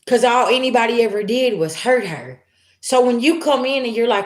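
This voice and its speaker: A woman's voice: fairly high pitch, a little fast. Woman psychic reader, blunt and slangy, talks straight at you, roomy echo. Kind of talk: live spiritual reading.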